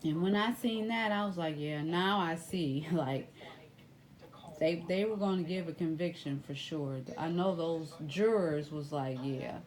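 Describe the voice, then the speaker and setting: A woman's voice: on the low side, a little slow. A woman with a Louisiana accent giving casual spoken commentary, full of fillers and repeated words, her voice jumping up when she gets worked up. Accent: Louisiana Southern US. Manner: animated, rises sharply when excited, many fillers.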